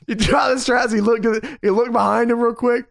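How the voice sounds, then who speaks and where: A man co-hosting a podcast in casual chat, retelling a show with excitement, laughing often and swearing freely. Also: extremely high pitch, a little fast, vocal fry, no room sound, studio quality. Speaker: podcast co-host.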